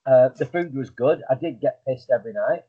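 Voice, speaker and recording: A man's voice: medium pitch, fairly quick, slightly rough. A middle-aged man, a hypnotist guest, telling stories in a rambling, self-deprecating way with many fillers. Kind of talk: casual storytelling interview. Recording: tinny phone-like line.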